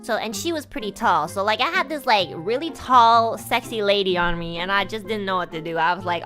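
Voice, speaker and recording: A woman VTuber telling a story casually on stream, animated, swearing freely and laughing often. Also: medium pitch, normal speed, hardly any pauses, faint music behind.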